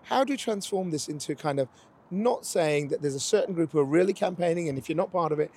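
A man's voice: on the high side, fast talker, darkish tone. A man hosting a conversational interview, asking long, winding questions in a chatty manner.

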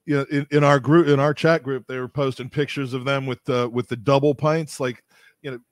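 A male podcast host chats casually at a middling pitch, hesitant and full of fillers but friendly. The recording is dry and close, with no room sound. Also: fairly even intonation, brisk, no room sound.

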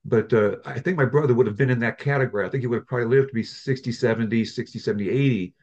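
An older man talks fast and a little husky, winding through his stories with restarts and asides. The sound is dull and lo-fi, like a remote call. He is a guest on a conversational interview show. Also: mid-range voice. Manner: rambling, animated storyteller with frequent restarts. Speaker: guest, app founder.

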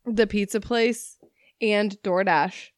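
A woman's voice: medium pitch, takes it slowly, dry recording, clean studio sound. A young woman co-hosting a casual chat, telling stories with lots of swearing and acted-out quotes. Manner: animated storyteller, swears freely, acts out quotes.

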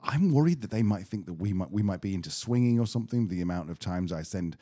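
Man, podcast co-host, casual chat, dry banter, animated intonation, lower pitch. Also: quick pace. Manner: dry, self-mocking banter.

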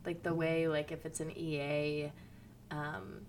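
A woman with a Minnesota accent co-hosting a podcast, chatting casually and softly, laughing between remarks. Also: low voice, little pitch movement, measured pace, slight background noise. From southern Minnesota. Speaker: podcast co-host. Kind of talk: casual chat.

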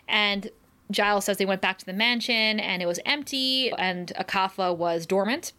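A woman co-hosting a podcast, recapping a TV episode in casual chat, animated and laughing often as she acts out the characters' lines. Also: medium pitch, normal speed. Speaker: podcast co-host.

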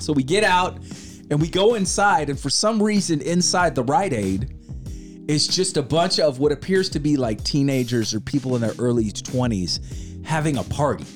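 A man's voice: fairly high pitch, animated, normal speed. A man spinning a story in loose podcast banter. His voice rises and falls a lot as he acts out quotes with casual swearing. Faint music plays under him.

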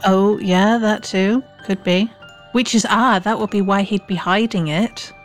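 A woman's voice: medium pitch, fairly even intonation, a little slow, faint music behind. A woman playing a tabletop game, thoughtfully suggesting plans in casual chat. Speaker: player.

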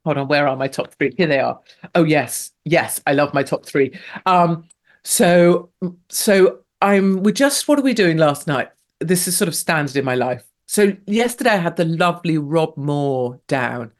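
A middle-aged woman from England with a deep, expressive voice takes her time on a live radio talk show. In a breezy, gushing way, she shares listeners' chat messages and sprinkles in playful asides.

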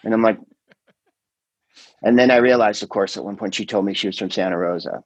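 A middle-aged man, a comedian and podcast host, chatting casually in a rambling, animated way, full of quoted voices and swearing. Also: on the low side, fairly quick, dry recording, dull audio. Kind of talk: casual chat.

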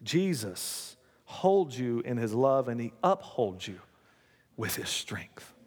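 A man's voice: medium pitch, very animated, slow, slightly rough, big-room sound. A man preaching a sermon in a church, talking conversationally, coaxing the congregation and repeating key lines.

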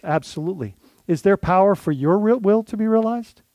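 High-voiced earnest man preaching. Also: animated, a little fast, a little mellow, dry recording. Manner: earnest, conversational with many restarts and "like" and "right?". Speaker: lead pastor. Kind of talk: sermon.

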